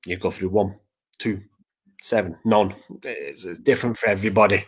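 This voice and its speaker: A podcast host with a low, slightly rough voice talks casually about grief at a moderate pace. He rambles and repeats words, acting out conversations from the past.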